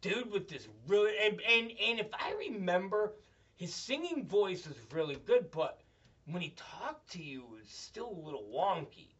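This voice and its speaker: A man's voice: sits high, sing-song, moderate pace, fairly bright tone, slightly rough. Profane rambling man telling stories. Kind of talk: rambling comedic storytelling. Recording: dull, slightly distant mic.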